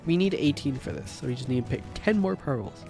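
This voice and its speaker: A man in his thirties chatting casually on a game livestream, rambling and swearing, with sudden loud outbursts. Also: fairly high pitch, animated, creaky, over music. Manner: profane, rambling, quick bursts of shouting. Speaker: streamer. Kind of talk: casual livestream chat while gaming.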